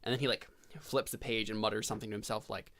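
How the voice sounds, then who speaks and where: Halting, relaxed male game master. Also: lowish voice. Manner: relaxed, halting narration with many fillers. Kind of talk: narrating a tabletop game.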